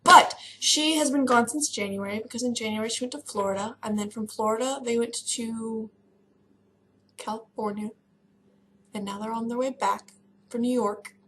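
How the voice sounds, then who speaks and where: A young woman from Kentucky chatting casually to camera in a vlog, excitable and rambling. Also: a little high, normal speed, a little hiss or hum. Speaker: vlogger. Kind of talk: casual chat.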